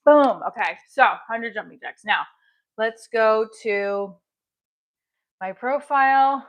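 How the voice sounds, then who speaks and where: A woman's voice: on the high side, slow, pauses often, rough recording. A woman, a comedian and actress, chatting on a live stream, thanking viewers and rambling about her shows.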